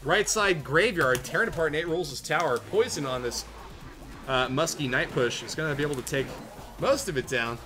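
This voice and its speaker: A Canadian man streams a tournament, casting matches and reading viewers' jokes aloud with playful, self-mocking humor. He speaks at a moderate pace in a fairly high voice, and music runs in the background.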